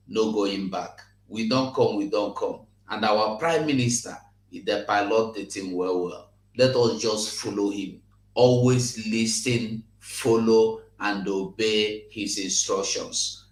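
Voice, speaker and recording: A man giving a measured, rallying closing speech. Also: lowish voice. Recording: roomy echo.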